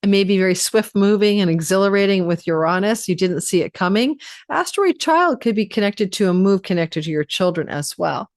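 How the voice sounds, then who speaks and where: A woman's voice: mid-range voice, lively intonation, a little fast, no room sound, clean studio sound. A tired woman astrologer giving a rambling, chatty forecast and running through lists of possibilities. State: tired, yawning.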